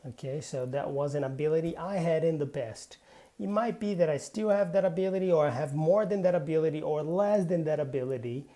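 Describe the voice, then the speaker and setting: English teacher lady, slow and careful, mellow lowish voice, walks through grammar examples. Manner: deliberate, models example sentences aloud, frequent "yeah". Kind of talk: spoken grammar lesson.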